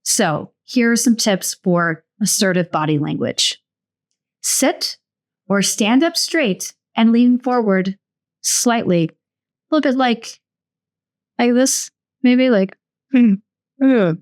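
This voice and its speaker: A woman hosting a book show, summarizing a book in a casual, lively way with playful asides. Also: on the high side, takes it slowly, pauses often. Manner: lively and playful, slips into mock voices.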